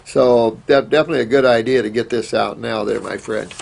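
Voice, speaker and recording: A man's voice: medium pitch, fairly even intonation, a little fast, gravelly, a little mellow, slight background noise. A man hosting a question-and-answer show, giving casual, rambling advice with many fillers and restarts.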